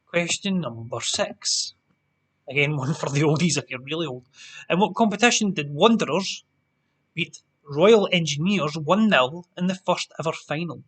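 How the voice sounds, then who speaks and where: Chatty quiz host, self-mocking. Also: male voice, on the high side, fairly bright tone, breathy edge. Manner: chatty, self-deprecating, repeats instructions slowly. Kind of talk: live-streamed pub quiz hosting.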